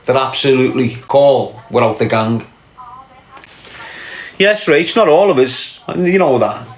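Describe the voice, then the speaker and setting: A man's voice: medium pitch, lively intonation, measured pace, echoey room. A man hosting a casual livestream, answering chat comments with brash, sweary, mocking banter.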